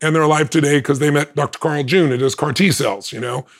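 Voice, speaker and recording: He's a guest on a podcast, and his personal story comes out fast and animated. His voice sits on the high side, and he laughs between lines while acting out what other people told him.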